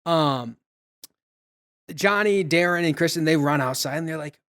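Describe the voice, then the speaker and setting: A man on a podcast, retelling a film scene by scene in a loose, rambling way. His voice sits a little high for a man. He drops into quoted lines and laughs often. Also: measured pace, long pauses, a bit bright, smooth. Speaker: podcast host. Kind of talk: casual movie recap chat.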